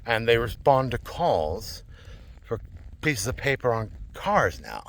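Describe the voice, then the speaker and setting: A man's voice: mid-range voice, sing-song, takes it slowly. A man talking to camera in a rambling, digressive monologue, repeating himself and laughing often. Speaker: vlogger.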